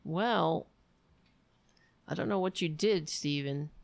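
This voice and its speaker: A middle-aged woman chats to her live-stream audience, wry and rambling, full of quick asides. Her voice sits low and moves at an unhurried pace. The sound is dry and close, with no room echo. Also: gravelly. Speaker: livestream host reading chat. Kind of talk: casual live-stream chat.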